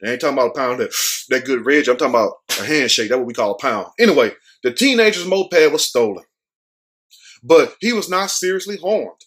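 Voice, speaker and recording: A man's voice: medium pitch, animated, a little fast, a bit bright. A man hosting a show, giving casual, joking news commentary full of cursing and street slang. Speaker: show host.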